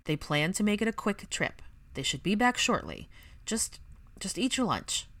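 A woman voicing a reserved young male wizard who speaks in a measured, firm and reluctant way. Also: medium pitch, very animated, a bit bright, pitched above the performer's own voice.

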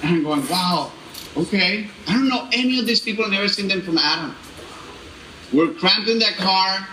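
A man giving an animated, storytelling testimony with laughter and halting restarts, in a church. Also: high-pitched, slight background noise. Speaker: speaker giving a personal testimony. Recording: echoey room with faint ambience.

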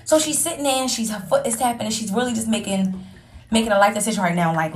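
A woman's voice: fairly high pitch, fast, faint music behind. A woman hosting a talk show, telling a story in a candid, conversational way with plenty of casual fillers.

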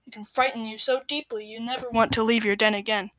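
A woman's voice: a little high, steady tone, fast, fairly bright tone, natural voice. A woman voicing an ancient, eerie fox storyteller made of bones, speaking in a dry, dusty, menacing way. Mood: ominous.

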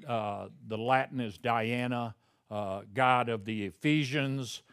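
Pastor preaching in a dry close sound. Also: male voice, medium pitch, slow, no room sound. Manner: conversational preaching, rising to loud emphatic peaks. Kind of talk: sermon.

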